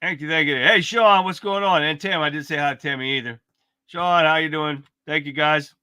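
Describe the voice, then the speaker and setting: A man's voice: fairly high pitch, moderate pace, bright, forceful tone, smooth, no room sound. A man hosting a casual political livestream, fired up and rambling, swearing freely as he talks. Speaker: livestream host.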